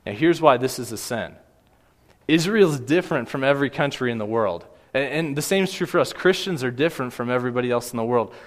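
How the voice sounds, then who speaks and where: A man's voice: medium pitch, expressive, fast talker. A male pastor giving a conversational sermon, often restarting his phrases.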